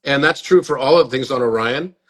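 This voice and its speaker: A man's voice: mid-range voice, brisk. A man hosting a live stream chat, earnest and inviting, often repeating words as he talks. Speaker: host. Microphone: phone or webcam on a live stream.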